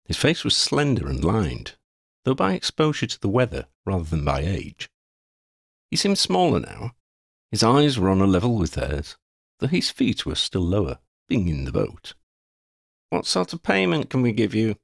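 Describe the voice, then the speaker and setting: A man narrating a fantasy audiobook in a measured, expressive way. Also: low voice, husky, no echo, studio quality.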